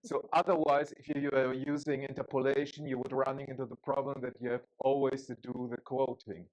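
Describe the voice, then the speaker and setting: A man's voice: mid-range voice, level tone, brisk, a little mellow, poor audio. German-accented man giving a tech talk. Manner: chatty, joking, with frequent fillers and restarts. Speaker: conference speaker. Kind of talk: technical conference talk.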